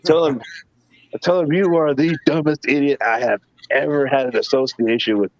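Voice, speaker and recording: A man in a casual live chat, telling an animated story and jumping his pitch up when he quotes others. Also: normal speed, no room sound. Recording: dull, dry lo-fi stream audio.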